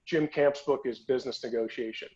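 A man's voice: mid-range voice, a little fast, darkish tone. A man hosting a podcast, telling a story in a casual, conversational way with frequent restarts and repeated words. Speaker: podcast host. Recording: dull lo-fi podcast audio.

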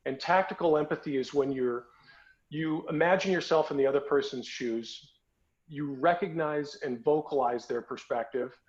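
A man's voice: mid-range voice, a little mellow. A man hosting a podcast, telling a story in a casual, conversational way with frequent restarts and repeated words. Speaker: podcast host. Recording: dull lo-fi podcast audio.

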